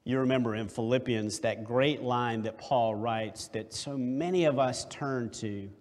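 A man preaching a sermon, deliberate and emphatic, with rhetorical questions. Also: mid-range voice, a little mellow. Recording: long hall reverb.

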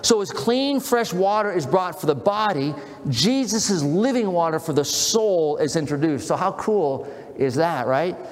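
A man preaching as a pastor, telling a story in an earnest, animated way. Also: high voice, unhurried, long reverb tail. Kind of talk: sermon.

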